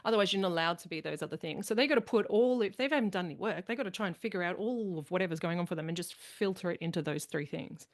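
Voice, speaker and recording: Woman podcast host, calm and agreeable, lowish voice, dry close sound. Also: quick pace, hardly any pauses, no room sound. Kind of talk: casual podcast chat.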